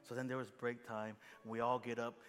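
A man's voice: medium pitch, flat delivery, a little fast, fairly bright tone. A middle-aged man preaching a sermon as a story, acting out dialogue with self-mocking humor. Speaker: pastor. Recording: long hall reverb, faint music.

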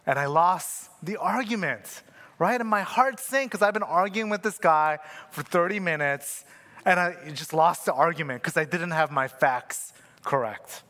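A man's voice: high voice, bright, forceful tone. A young adult man preaching a sermon in a loose, conversational way, telling a personal story and often asking his listeners "right?". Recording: long hall reverb.

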